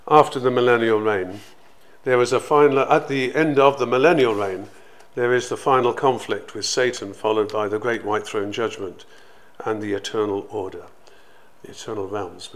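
A man teaching in a sermon, conversational and animated, retelling stories with acted quotes. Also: medium pitch. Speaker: preacher.

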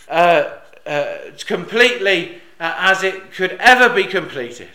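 Man preaching, bright highish voice, echoey hall, hesitant then swells loud on the big lines. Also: very animated, measured pace. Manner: rises to loud emphatic peaks on quoted cries; hesitant with fillers and restarts, drops soft on reflective lines. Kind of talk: sermon.

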